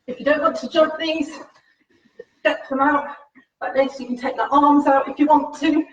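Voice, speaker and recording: A woman's voice: sits high, fairly even intonation, moderate pace, fairly bright tone. A woman fitness instructor leading a live-streamed home workout, upbeat and encouraging, slightly out of breath as she exercises while talking. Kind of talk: live-streamed workout class with faith reflection. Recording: roomy, distant, dull livestream audio.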